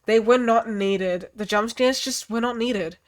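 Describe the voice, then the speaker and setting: A young woman reviewing a film in a casual, animated rant, swearing freely and filling pauses with "like" and "um.". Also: a little high.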